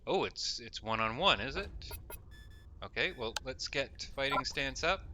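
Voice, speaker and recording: Over music, a man of medium pitch speaks in an animated but slightly slow way. In his let's play he keeps up casual chatter while playing, reading the game's text aloud and mostly talking to himself as he comments on the gameplay.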